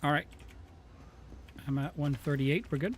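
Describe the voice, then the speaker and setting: Male game streamer, excitable and rambling, slightly high voice, faint hiss behind. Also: unhurried. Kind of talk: casual gaming stream chat.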